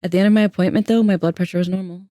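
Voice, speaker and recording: A man's voice: high voice, fairly even intonation, racing, dark tone, no room sound, clean studio sound. A young adult trans man co-hosting a podcast, telling personal stories in a candid, anxious, self-deprecating way. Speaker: podcast co-host. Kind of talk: casual personal storytelling.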